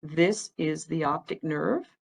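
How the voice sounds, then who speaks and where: A woman's voice: low voice, takes it slowly, creaky, slight background noise, poor audio. A woman, giving a plain-spoken, chatty educational talk about eye care as an ophthalmic imager. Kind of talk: informal educational presentation with slides.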